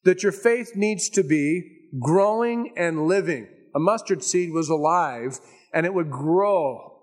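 A man preaching with a voice a touch higher than most men's. He tells stories in a folksy, chatty way and drags out the words he wants to land. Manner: conversational storytelling, folksy asides; emphatic, slows down on key points. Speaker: pastor. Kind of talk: sermon.

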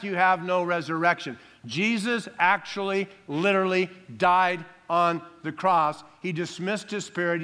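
Male pastor, emphatic sermon delivery, bright and forceful tone. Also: high voice. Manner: emphatic preaching, calls for amens, drops soft on solemn lines.

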